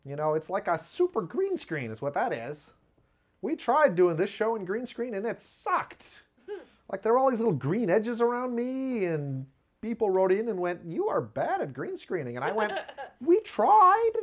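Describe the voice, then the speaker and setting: A man hosting his own show, talking in a rambling, self-mocking way and often laughing at his own jokes. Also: moderate pace. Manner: lively pitch jumps when acting out quotes. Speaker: video show host. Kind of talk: casual comedic monologue. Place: home studio with black curtain behind.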